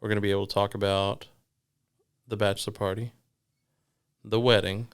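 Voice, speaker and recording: A man with a fairly low, gravelly voice co-hosting a relaxed podcast. Beneath the grit his voice carries smooth and clear, and he chimes in with short easygoing remarks. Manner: laid-back, quick agreeing remarks. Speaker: podcast co-host. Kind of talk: casual chat.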